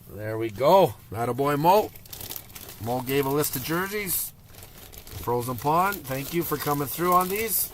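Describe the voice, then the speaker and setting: A chatty man runs a live-streamed card break. His voice sits at an ordinary middle pitch and jumps up when a pull excites him. A faint hum runs under the recording. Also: slow pace, long pauses. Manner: chatty, gets excited over pulls.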